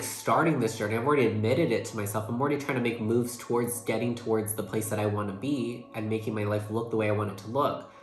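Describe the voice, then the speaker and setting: A young adult tarot reader giving a casual, emotional monthly reading, talking earnestly, swearing casually and saying "like" a lot. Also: medium pitch. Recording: echoey room with faint music behind. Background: faint background music.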